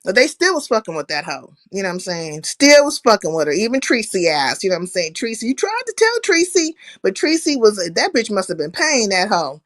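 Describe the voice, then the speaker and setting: A woman's voice: mid-range voice, very animated, brisk, hardly any pauses, no room sound. A woman hosting a casual livestream, talking animatedly, cursing freely and greeting viewers by name. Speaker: livestream host.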